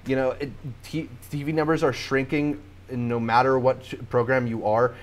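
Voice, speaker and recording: A man's voice: medium pitch, little pitch movement, normal speed. A man hosting a casual podcast, talking through long, run-on points about awards shows. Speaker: podcast host.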